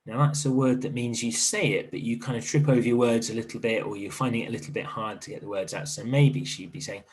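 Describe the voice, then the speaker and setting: A man teaching an online primary literacy lesson in a gentle, encouraging way, thinking aloud as he writes. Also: mid-range voice, fast talker, hardly any pauses.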